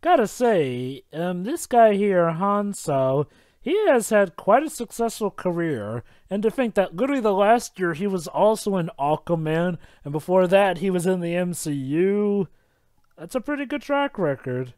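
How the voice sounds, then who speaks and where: A co-host in a casual movie commentary, making wry asides and quick reactions. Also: medium pitch, big pitch swings, darkish tone, no room sound. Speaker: podcast co-host.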